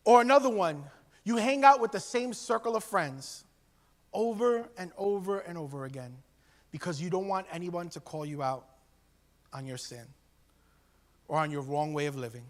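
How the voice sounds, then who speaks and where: A man delivers a sermon in a relaxed, conversational way, slipping into quoted voices as he makes his points. His voice sits high for a man. The sound carries a long reverb, as from a church sanctuary. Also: normal speed, pauses often. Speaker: pastor.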